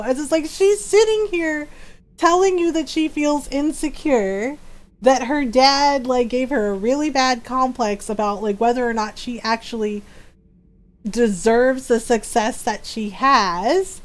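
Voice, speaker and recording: A woman streamer chatting casually while playing a game, animated, laughing often and mimicking characters as she tells a story. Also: high-pitched, unhurried.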